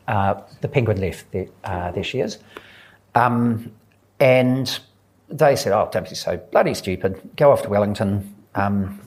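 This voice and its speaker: A man, an author telling a story at a live book event, earnest and unhurried, voicing the people he quotes. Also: medium pitch, darkish tone. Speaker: author guest at a book talk. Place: live audience event indoors.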